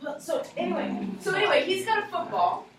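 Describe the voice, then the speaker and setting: A young woman teacher telling a playful, animated story to a class of children, recorded from far away in an echoey classroom. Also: very high voice, a little fast, a little hiss or hum. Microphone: distant recorder.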